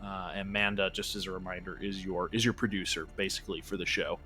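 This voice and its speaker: A man narrating as game master in a relaxed, rambling way with many fillers. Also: low voice, fast, faint music behind.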